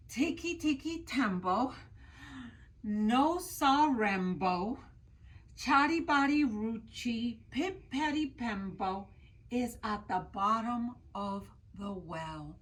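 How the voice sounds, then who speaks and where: A woman voicing a small frantic boy who shouts a long name urgently in a storybook tale. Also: a little high, expressive, slow.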